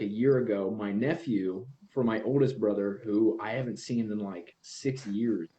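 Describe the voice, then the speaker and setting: Casting: mellow-voiced young man, podcast guest, animated storyteller, slightly dull lo-fi sound. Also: medium pitch. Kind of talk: casual chat.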